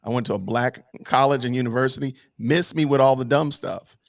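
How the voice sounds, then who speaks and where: A man's voice: mid-range voice, brisk, vocal fry, no room sound. A man taking part in a live online panel discussion over a video call, arguing emphatically with many rhetorical questions. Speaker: panel guest.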